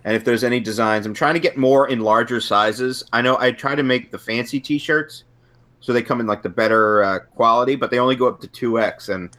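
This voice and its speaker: A man's voice: mid-range voice, a little fast, a bit bright. A man hosting a podcast in an easygoing manner, thanking listeners and laughing along with his guests. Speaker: podcast host. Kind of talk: casual chat.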